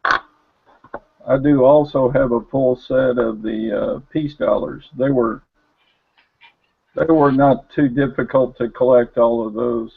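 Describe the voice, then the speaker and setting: A man with a Texas accent joking in a casual hangout chat, with a slow drawl. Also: mid-range voice, fairly even intonation, vocal fry, slightly rough. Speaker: hangout participant. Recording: tinny phone-like call audio.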